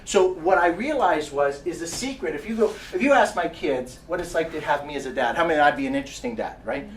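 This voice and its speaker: A man's voice: on the high side, lively intonation, quick pace. A man giving a motivational seminar talk to a live audience in a meeting room, full of restarts and repetition, often asking the crowd "right?". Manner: keeps asking the audience "right?" and "how many know". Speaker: seminar presenter. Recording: distant mic with faint background noise.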